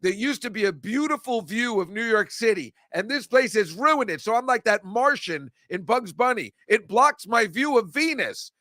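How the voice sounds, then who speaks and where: Ranting older man with a bright, dry voice. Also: high voice, expressive, normal speed, few pauses, dry recording. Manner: ranting, rambling, self-mocking. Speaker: host. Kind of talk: casual chat. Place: comedy club studio.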